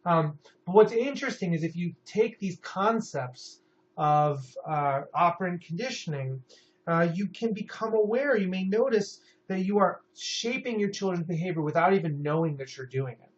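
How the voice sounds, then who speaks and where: A man's voice: high-pitched, animated, normal speed. Casual lecturing man, dull lo-fi recording. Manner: conversational, many fillers and "right?" tags. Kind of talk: psychology lecture.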